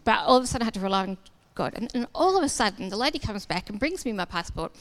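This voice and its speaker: A woman's voice: mid-range voice, very fast. A woman giving a sermon testimony, a casual, self-deprecating storyteller who acts out the dialogue. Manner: lively storyteller acting out dialogue. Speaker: church speaker.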